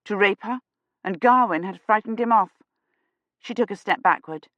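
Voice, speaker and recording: A woman narrating an audiobook in a hushed, suspenseful storytelling manner. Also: mid-range voice, normal speed, dry recording, highs cut off. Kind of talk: scripted narration.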